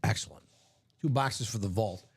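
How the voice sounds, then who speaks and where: A man's voice: on the low side, normal speed, breathy edge. A man hosting a live sports card break stream, chatting casually in a rambling, self-correcting way. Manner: rambling, self-correcting, chuckles at own stories.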